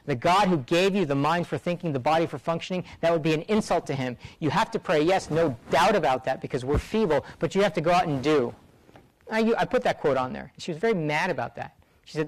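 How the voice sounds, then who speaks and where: An impassioned middle-aged man addresses a room of students, earnest and emphatic, often circling back on his words. His voice sits a little high for a man, and the sound is close and dry, with almost no room echo. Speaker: guest speaker, rural doctor. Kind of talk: speaking to a student audience.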